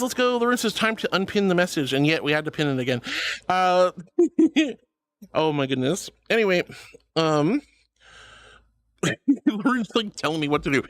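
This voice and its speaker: A woman's voice: lowish voice, very animated, moderate pace, pauses often, faint music behind. A woman streamer chatting casually with viewers and reading out their messages, bubbly and affectionate, with playful giggles. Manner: bubbly and affectionate, calls viewers sweetheart and honey; playful, with frequent giggles and squeals. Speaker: VTuber streamer.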